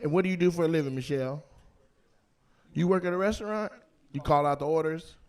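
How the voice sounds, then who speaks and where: A man doing loud, teasing crowd work as a stand-up comedian on a comedy club stage, with a handheld mic. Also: on the high side, clean tone. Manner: loud, teasing, quick-jumping between voices.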